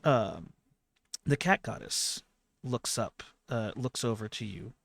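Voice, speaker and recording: A man narrating a tabletop game as game master, halting with many fillers. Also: on the low side, expressive, gravelly, fairly bright tone, dry recording.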